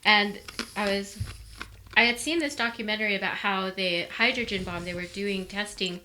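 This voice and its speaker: A woman's voice: mid-range voice, moderate pace, bright, forceful tone, slight background noise, low-quality recording. A woman co-hosting a casual chat, talking with lots of "um" and "like". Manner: chatty, lots of "um" and "like". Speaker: co-host.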